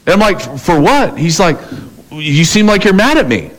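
Male pastor mid-sermon; animated storyteller who plays out conversations, voice a bit high and swooping. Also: normal speed, low-quality recording. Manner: animated storytelling, acting out both sides of conversations.

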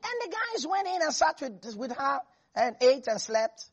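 A preacher giving an animated sermon, repeating lines for emphasis and laughing often. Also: sits high, takes it slowly, slightly rough. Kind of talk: lively sermon.

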